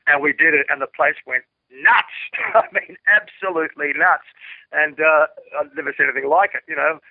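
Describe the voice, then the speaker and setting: Over a dry, tinny telephone line, an Australian rock singer in his sixties gives a casual interview. His voice runs on the high side and creaky at a normal speed, and he rambles in a laid-back way with many fillers and restarts.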